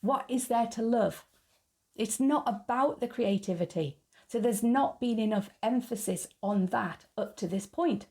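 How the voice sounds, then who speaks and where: A woman's voice: fairly high pitch, measured pace, a little mellow. A woman hosting her own channel, talking frankly in a chatty opinion monologue and laughing at her own jokes. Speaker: YouTube channel host.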